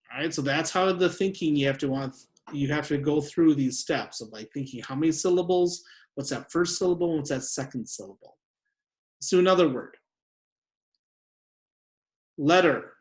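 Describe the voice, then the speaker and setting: Slow, clear teacher in an echoey room. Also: male voice, a little high. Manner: slow, deliberate, repeats each word. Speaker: second grade teacher. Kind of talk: spelling lesson for children.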